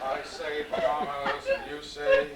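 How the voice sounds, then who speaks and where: A man's voice: a little high, huge pitch swings, measured pace, far from the mic, very noisy. A man playing a nervous, awkward young auditioner in a live stage comedy sketch, hesitant and stammering. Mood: clumsy singing. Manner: hesitant, stammering; sings comically off. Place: theatre stage with an audience. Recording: echoey live theatre recording from afar, loud audience laughter.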